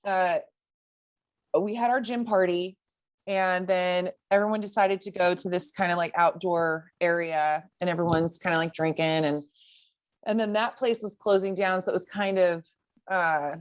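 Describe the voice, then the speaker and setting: A woman co-hosting a podcast, telling a story in casual chat, animated and swearing, often breaking into laughs. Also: on the low side, normal speed. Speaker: podcast co-host.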